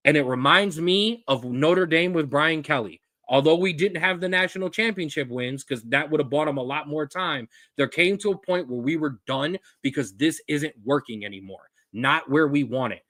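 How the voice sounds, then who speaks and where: A man's voice: on the high side, normal speed, hardly any pauses, pushed and bright, dry recording, clean studio sound. A man co-hosting a casual sports chat show, talking in a fired-up, ranting way. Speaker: co-host.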